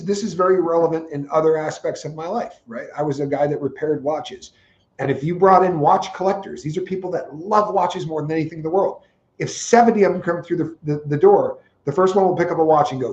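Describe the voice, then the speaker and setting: A man's voice: a little high, darkish tone. Opinionated man on an echoey lo-fi mic. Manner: opinionated, explains with examples. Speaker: podcast co-host. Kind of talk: casual chat. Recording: echoey, dull lo-fi room audio.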